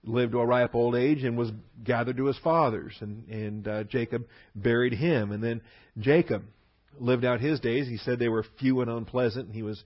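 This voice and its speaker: A man's voice: medium pitch, fairly even intonation, moderate pace, dull audio. A man teaching through a Bible passage verse by verse, leaning hard on key words between fillers and restarts.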